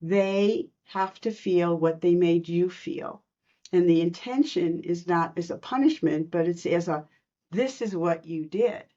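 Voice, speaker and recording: A woman telling personal spiritual stories in a podcast interview, earnest and animated, acting out the quotes. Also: lowish voice, lo-fi sound. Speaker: spiritual medium guest.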